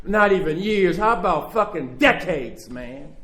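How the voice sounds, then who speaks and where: A man giving a profane, streetwise recovery talk as guest speaker at a conference, building up to shouting like a preacher. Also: high voice, expressive, measured pace. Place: conference hall. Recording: echoey hall.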